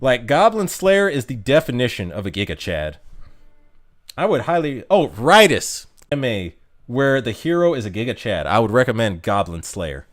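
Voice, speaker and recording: Chatting casually on a livestream, a man reads viewer comments aloud and jokes in a rambling, self-amused way, laughing at his own jokes. His medium-pitched voice is very animated, at a moderate pace.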